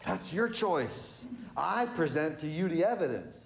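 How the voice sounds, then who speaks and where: A man's voice: a little high, very animated, a little slow, vocal fry, a little hiss or hum. A male pastor preaching a sermon to his church, teaching in an emphatic way and stressing key words.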